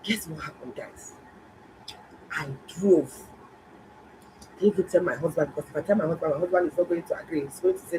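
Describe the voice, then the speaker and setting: A middle-aged woman, a doctor, telling viewers a story in a casual, animated and exclaiming way. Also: sits low, fairly quick, pauses often, a little hiss or hum, low-quality recording. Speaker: doctor and health vlogger.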